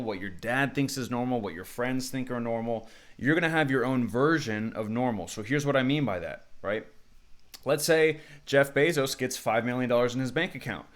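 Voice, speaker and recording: Slangy, upbeat man talking to camera. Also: medium pitch. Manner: energetic, slangy, acts out quoted people. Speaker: self-improvement vlogger. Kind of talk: unscripted talk to camera.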